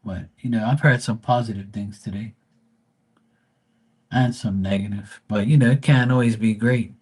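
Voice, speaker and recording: A man reads tarot on a casual live stream and drifts into loose, joking chatter full of swearing. His voice is low and slightly husky, and he tells stories in a relaxed, rambling way. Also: moderate pace.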